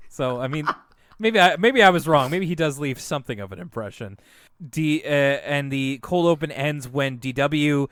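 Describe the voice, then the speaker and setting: A man's voice: medium pitch, a bit bright, clean tone, no echo, studio quality. A man co-hosting a podcast in casual chat, loose and chatty with many fillers and restarts. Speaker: podcast co-host.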